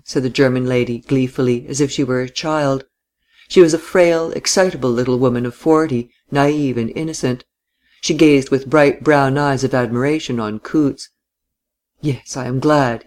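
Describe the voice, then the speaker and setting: A man narrating a classic novel in a measured, deliberate audiobook style. He reads steadily and with care, letting the long descriptive sentences unfold. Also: mid-range voice, a little mellow.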